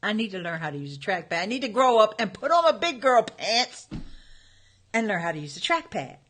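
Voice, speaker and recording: A woman's voice: mid-range voice, very animated, fairly quick, a bit bright, slight background noise. A middle-aged woman hosting a casual livestream from home, telling stories and talking straight to her viewers in a chatty way. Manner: chatty storyteller addressing viewers. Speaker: YouTube host.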